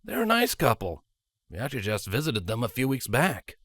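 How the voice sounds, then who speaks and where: Brief: earnest, tired royal stallion, measured delivery, lively pitch, as a male reader puts him on. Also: no echo, clean studio sound, exaggerated voice. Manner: measured, sighing explanations. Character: earnest young male prince, weary and serious.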